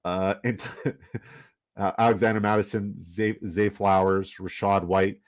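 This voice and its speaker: A man's voice: fairly low pitch, level tone, measured pace. A man from Canada, giving loose, jokey commentary and swearing casually while running down a fantasy football draft.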